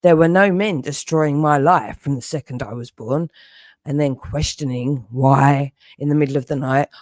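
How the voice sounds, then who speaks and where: A woman's voice: low-pitched, moderate pace, darkish tone, dry recording. Angry woman livestreamer, profane repetitive rant, close dry sound.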